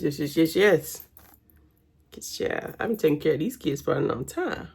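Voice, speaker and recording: A woman's voice: lowish voice, gravelly, slightly rough. A young woman, chatting casually with her viewers while doing her makeup at home. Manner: chatty, addresses viewers as y'all. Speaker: vlogger.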